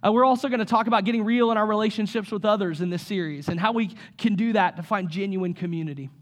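A middle-aged male pastor preaching in a high, light voice. He talks to the congregation conversationally, stumbling into restarts and friendly asides. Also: quick pace. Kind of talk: sermon.

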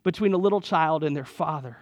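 A man's voice: on the high side, brisk, in a large hall. A man in his thirties preaching a sermon in an earnest, conversational way, often repeating his phrases. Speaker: pastor.

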